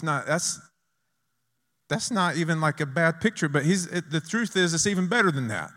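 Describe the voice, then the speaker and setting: A man's voice: on the high side, normal speed. A man preaching a conversational sermon, reading scripture and having the congregation repeat lines back. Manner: lively, conversational preaching with call-and-response. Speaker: pastor.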